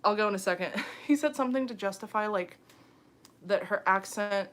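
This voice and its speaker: A woman's voice: mid-range voice, fairly quick, fairly bright tone. A young woman talks casually into her phone on a late-night livestream. She sounds a little tired, rambles easily and breaks into small laughs between her thoughts. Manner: chatty, giggly, heavy on fillers like "um" and "like". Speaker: YouTuber hosting a livestream. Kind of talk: casual livestream chat reading comments.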